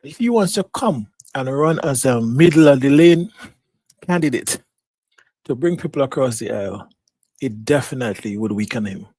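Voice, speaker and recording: A man on a live news panel, arguing the opposing view in a measured way. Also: medium pitch, animated, a little mellow, husky, dry recording. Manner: measured, argues the other side. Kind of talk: live podcast panel discussion.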